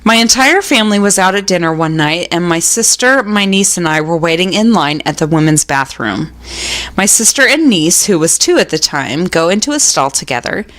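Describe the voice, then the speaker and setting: A woman's voice: on the low side, normal speed. A young adult woman co-hosting a podcast, reading listener stories aloud in a casual, amused way and laughing often. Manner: laughs often, animated, acts out children's voices. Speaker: podcast co-host.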